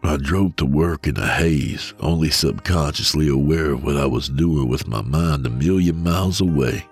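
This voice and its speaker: Very deep, husky male horror narrator. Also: soft background music. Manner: steady, measured storytelling. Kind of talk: scripted first-person horror narration.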